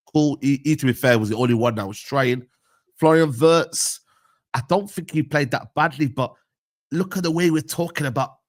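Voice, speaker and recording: A young man, ranting about football in a heated casual debate, full of slang. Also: medium pitch. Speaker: football pundit and United fan.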